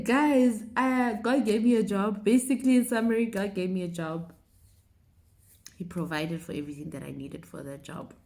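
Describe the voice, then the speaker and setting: Young woman, chatty and animated, telling her testimony to the camera. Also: on the low side, vocal fry. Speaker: vlogger sharing a testimony. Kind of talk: casual personal testimony.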